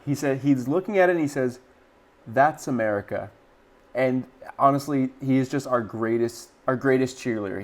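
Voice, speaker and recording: A man hosts a casual online news commentary, upbeat and eager as he sets up clips. He chuckles often and talks in an easy, conversational way. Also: mid-range voice. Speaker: political commentator.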